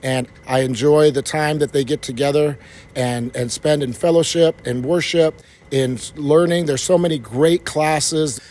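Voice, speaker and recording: Enthusiastic pastor, fairly high voice. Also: male voice, fairly even intonation, unhurried. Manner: enthusiastic, warm praise. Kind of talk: casual interview answer.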